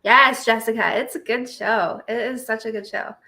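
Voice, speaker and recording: A woman's voice: a little high, fairly even intonation, moderate pace, gravelly, bright, forceful tone. A young woman recovering from surgery, chatting casually on a live stream, greeting viewers by name and laughing often.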